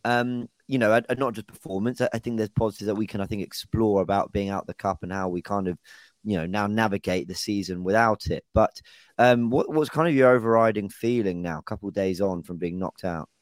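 A man's voice: fairly low pitch, fairly quick, no room sound. A man hosting a casual football podcast, chatting and handing questions to his co-hosts. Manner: chatty, hands the floor to others. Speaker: podcast host.

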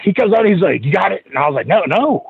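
Man, high gravelly voice, profane animated storyteller, dull lo-fi sound. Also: fast talker, no room sound. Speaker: podcast guest, professional wrestler. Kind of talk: casual storytelling anecdote. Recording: dull lo-fi podcast audio.

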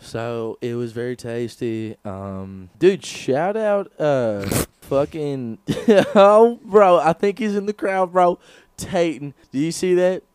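A drunk young man co-hosting a comedy podcast, swearing and talking in fast excited bursts. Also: a little high, clean tone. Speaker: podcast co-host.

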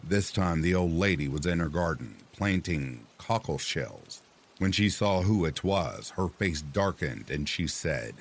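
A man narrating a folk tale in a measured, expressive reading. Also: low voice, creaky, breathy edge. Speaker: storyteller. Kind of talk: scripted storybook narration.

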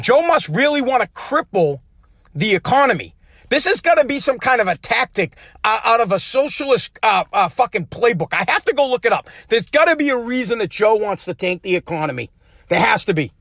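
A very high-pitched man tears through a heated podcast rant, cursing freely as he lurches between outbursts and low grumbling. His voice is recorded bone-dry, with no room sound, in a home basement setup. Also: no echo. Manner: heated, profane, swinging between shouting and muttering. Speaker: podcast host. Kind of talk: angry political rant.

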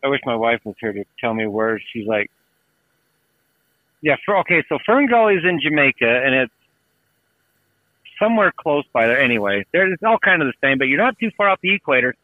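A man's voice: medium pitch, very animated, brisk, long pauses, dry recording. A man telling rambling travel stories in casual chat, swearing freely and acting out what people said. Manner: rambling storyteller, swears freely, acts out quotes. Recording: tinny phone-like sound.

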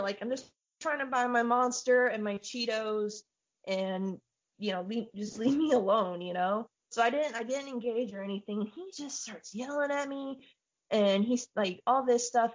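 A woman chats with animated flair, telling stories and swearing freely. Her voice sits a touch high. The audio is dull and lo-fi. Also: normal speed. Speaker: podcast co-host. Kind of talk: casual chat.

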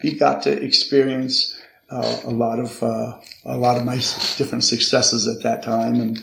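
Older male guest, gravelly voice, halting reflective delivery, echoey room. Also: medium pitch, level tone, background noise. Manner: halting and reflective, often repeating words. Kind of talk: conversational interview. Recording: roomy echo.

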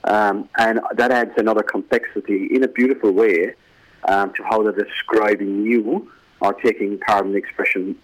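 A man's voice: lowish voice, fairly even intonation, moderate pace, rough recording. A man with an Irish accent, a guest in a casual radio interview, rambling with many fillers and restarts. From Ireland.

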